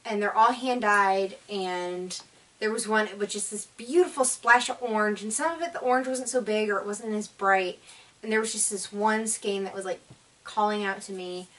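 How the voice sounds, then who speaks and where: A woman's voice: mid-range voice, normal speed, fairly bright tone, recorded from a distance. A woman hosting a casual knitting vlog, chatty and enthusiastic but tired and yawning, rambling with many fillers. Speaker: knitting podcast host.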